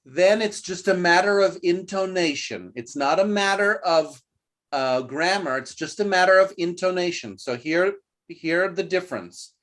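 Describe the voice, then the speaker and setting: A man's voice: high-pitched, lively intonation, a little slow, a bit bright. A man teaching an English lesson, patient but firm, repeating phrases and modelling intonation.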